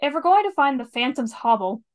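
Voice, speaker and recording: A woman's voice: high-pitched, very animated, fairly quick. Sympathy, a woman reading as a kindly unicorn. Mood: earnest. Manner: read aloud casually from a script.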